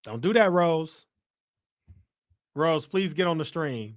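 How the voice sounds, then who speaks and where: A man's voice: a little high, expressive, unhurried, long pauses, no room sound, studio quality. A man from the United States hosting a casual livestream, reading the chat aloud and teasing and mocking a viewer. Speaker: livestream host.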